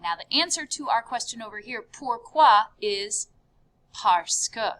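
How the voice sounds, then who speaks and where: Upbeat Midwestern woman teacher, unhurried, measured delivery, repeats each word with rising emphasis. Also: a little high, lively intonation. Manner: upbeat, drills words with sharp rising repeats. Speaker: French teacher. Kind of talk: recorded classroom lesson.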